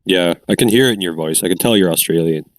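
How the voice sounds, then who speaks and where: Very low-voiced Canadian guy, loose and rambling, dry close sound. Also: fast, no echo. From Ottawa Valley, Canada. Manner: rambling, filler-heavy talk. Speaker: tabletop game player. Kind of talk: casual chat.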